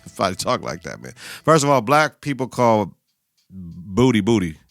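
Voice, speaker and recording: In a dry recording, a male podcast host with a lowish, slightly bright voice and some vocal fry speaks at a moderate pace in a sing-song way. He recaps a TV episode using casual, profane, slang-heavy talk, answering back at the characters.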